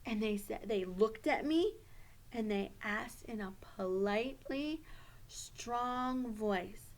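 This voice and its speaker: A woman teacher giving a puppet lesson for children, gentle and encouraging. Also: fairly high pitch. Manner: gentle, encouraging, slow and clear.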